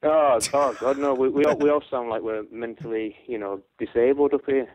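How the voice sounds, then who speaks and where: Joking northern English caller. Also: male voice, medium pitch, steady tone, a little fast, darkish tone, low-quality recording. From northwest England. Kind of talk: casual phone chat.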